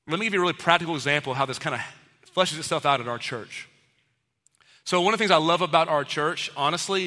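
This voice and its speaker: Male pastor, higher-pitched and very bright, casual preaching, echoey hall. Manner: casual conversational preaching with playful acted-out quotes. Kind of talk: sermon. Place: church auditorium with live congregation.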